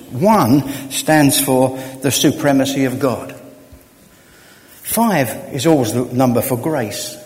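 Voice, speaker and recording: A man preaching a conversational sermon, acting out dialogue and swinging from hushed asides to loud emphasis. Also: medium pitch. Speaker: guest preacher. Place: church. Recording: church hall with long reverb.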